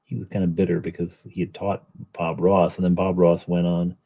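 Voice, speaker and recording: A man's voice: low voice, fairly even intonation, a little fast, warm tone, rough recording. A middle-aged man hosting a livestream, chatting casually in a rambling, joking way while painting miniatures. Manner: rambling, self-deprecating, joking. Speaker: livestream host.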